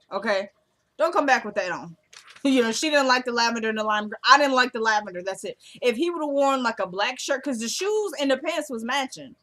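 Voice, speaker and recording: A woman's voice: on the high side, pushed and bright. Chatty woman recapping a TV episode. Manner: chatty, acts out quotes of the characters. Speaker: TV show recapper.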